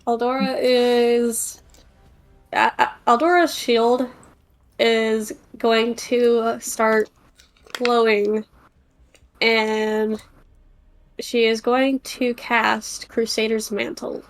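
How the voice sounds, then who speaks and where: Slow, hesitant woman playing a tabletop game. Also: a little high, level tone. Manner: hesitant, unhurried. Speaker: player.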